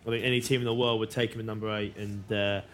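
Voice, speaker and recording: A man co-hosting a casual sports podcast, talking in a relaxed, chatty way. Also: fairly low pitch, fast, slight background noise. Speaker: podcast co-host. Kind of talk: casual chat.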